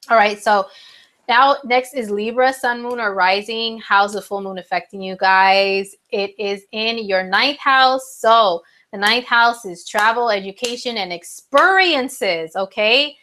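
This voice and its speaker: A young woman hosts a loose live horoscope stream, speaking into her phone. She is chatty and full of fillers, drifting into asides to her viewers at a middle pitch. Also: unhurried, sharp tone. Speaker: astrology livestream host. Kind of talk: casual live horoscope reading.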